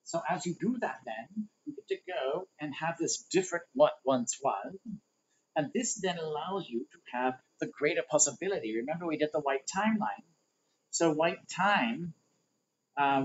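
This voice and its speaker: A man's voice: a little high, breathy edge. A man teaching a livestreamed spiritual workshop, rambling and conversational while he explains diagrams. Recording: dull lo-fi livestream audio.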